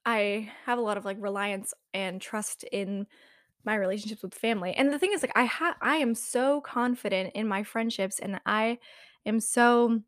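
A woman's voice: medium pitch, normal speed, no room sound. Young woman rambling at home, lots of "like"s, dry close mic. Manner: rambling, many "like" fillers, laughs often. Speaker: vlogger. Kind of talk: casual confessional chat.

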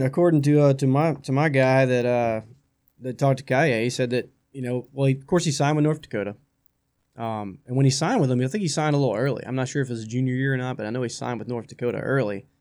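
A man's voice: mid-range voice, a little mellow. A man talking casually as a guest on a sports talk show, chatty and often restarting his sentences. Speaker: guest baseball analyst.

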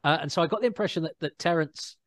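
A man's voice: fairly high pitch, fast, fairly bright tone, no room sound. Man telling anecdotes, dry close mic. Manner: anecdotal, imitates people in quotes. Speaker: guest. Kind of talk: casual chat.

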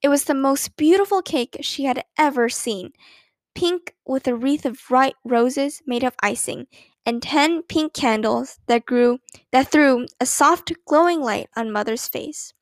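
High-voiced woman reading a children's book. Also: measured pace, dry recording, clean studio sound. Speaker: narrator. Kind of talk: children's audiobook narration.

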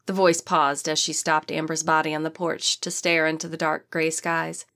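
A woman reads an audiobook in a measured, dramatic storytelling manner. Her voice sits low. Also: flat delivery, fairly bright tone. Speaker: audiobook narrator. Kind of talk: audiobook narration.

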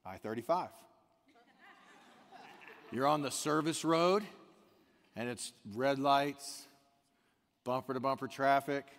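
Gravelly-voiced pastor in an echoey hall. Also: male voice, mid-range voice. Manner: chatty, animated storytelling. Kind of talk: sermon. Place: church.

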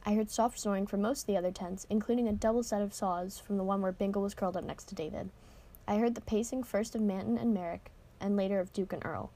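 A woman's voice: mid-range voice, fast talker, dark tone. A woman reading a novel aloud in an informal way, with casual asides, occasional cursing and restarts. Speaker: reader.

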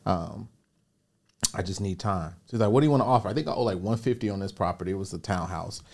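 A man, a podcast guest and business coach, telling a personal story and giving motivational advice in an animated way, acting out the voices he quotes. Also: deep voice, a little fast, gravelly.

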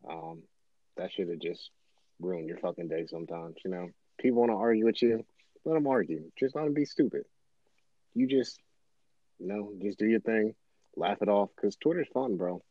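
A man's voice: on the low side, moderate pace, pauses often, no echo. Laid-back young man, dull lo-fi sound. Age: young adult. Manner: laid-back, laughing often, slangy. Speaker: podcast co-host. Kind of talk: casual podcast chat.

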